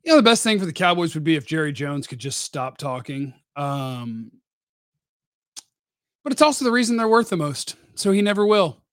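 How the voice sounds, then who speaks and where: A man's voice: fairly high pitch, very animated, moderate pace, clear, resonant tone, no room sound, studio quality. A man hosting casual live-stream sports commentary, blunt and opinionated with a rambling delivery. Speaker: sports radio host.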